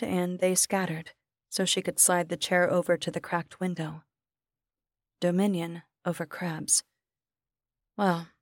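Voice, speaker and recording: A woman reading a horror short story aloud as narrator, measured and sometimes dropping to a whisper. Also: on the low side, no room sound, clean studio sound.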